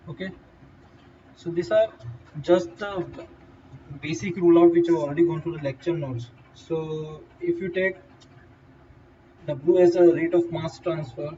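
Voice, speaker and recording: A man with an Indian English accent giving a halting whiteboard lecture, with fillers and restarts. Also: fairly high pitch, fairly even intonation, dark tone. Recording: distant, dull lo-fi mic with faint noise.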